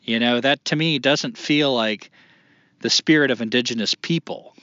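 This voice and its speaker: A man's voice: mid-range voice, moderate pace, sharp tone, dry recording, highs cut off. A man hosting a casual podcast, talking loosely, swearing and poking fun at himself. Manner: loose, swearing, self-deprecating. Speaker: podcast host.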